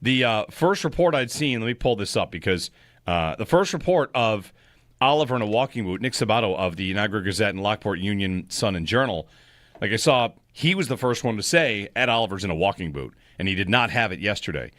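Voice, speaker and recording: A man hosts a sports talk radio show. He talks with lively, animated ups and downs in pitch and a bright tone. His voice is close and dry, like a studio mic. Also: brisk, no echo. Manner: lively, reads station promos and call-in number.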